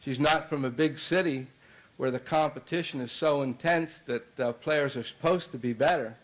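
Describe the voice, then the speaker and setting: At normal speed and medium pitch, a middle-aged basketball coach works through a lengthy banquet anecdote, with plenty of fillers and restarts along the way. The recording sounds rough.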